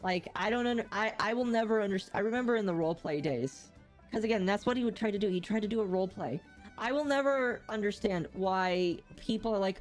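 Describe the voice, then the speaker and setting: A woman's voice: medium pitch, fast, faint music behind. A woman co-hosting a podcast in casual chat. She is blunt and opinionated and laughs often. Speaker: podcast co-host.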